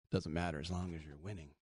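A man doing an impression of a calm football coach, lowering his voice into a lazy put-on Southern drawl. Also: breathy edge, no room sound, clean studio sound. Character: calm middle-aged male football coach with slow drawl.

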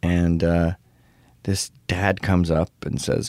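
A man's voice: low-pitched, measured pace, dark tone, no echo, clean studio sound. A middle-aged man hosting his own show, telling crude stories in a ranting casual monologue. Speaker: show host.

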